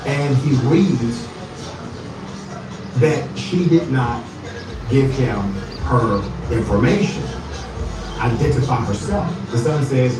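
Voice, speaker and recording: Brief: male news commentator, measured retelling, echoey and distant with music under. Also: medium pitch.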